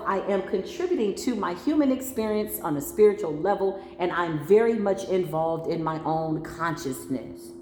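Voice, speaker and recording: A woman's voice: medium pitch, slight background noise. Slangy, emphatic woman giving a tarot reading. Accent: mixed Spanglish accent. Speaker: tarot reader. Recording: echoey room with faint ambience.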